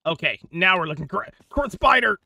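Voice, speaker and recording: A man's voice: high-pitched, expressive, fairly quick, creaky, pushed and bright, no echo. A young man chatting casually on a gaming stream into a desk mic, slangy and laughing often.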